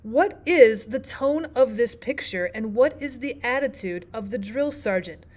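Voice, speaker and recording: A woman with a slightly high voice teaches a literature lesson. She explains each point clearly and keeps turning questions back to the listener, in a steady classroom manner. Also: a little slow. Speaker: language arts teacher.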